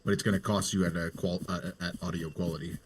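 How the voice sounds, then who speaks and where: Deep-voiced man explaining patiently. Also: steady tone, fast talker, a little hiss or hum. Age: older than the host. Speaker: friend on a voice call. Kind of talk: casual chat.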